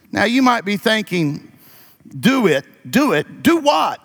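A man's voice: high voice, big pitch swings, slow, creaky, a bit bright. A pastor preaching a sermon, moving from folksy stories to emphatic calls to his congregation.

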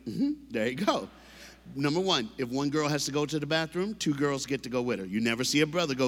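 Animated man telling jokes in a reverberant hall. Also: a little high, brisk, slightly rough. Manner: animated storytelling, acting out voices and sound effects. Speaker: motivational school assembly speaker. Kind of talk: comedic motivational speech.

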